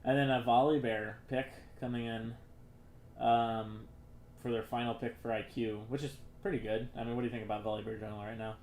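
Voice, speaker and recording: A man casting a video game match in a casual, relaxed way, with frequent fillers. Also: mid-range voice, a little fast, roomy sound, a little hiss or hum. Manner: relaxed, hesitant with many fillers. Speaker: esports caster. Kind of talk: casual esports commentary.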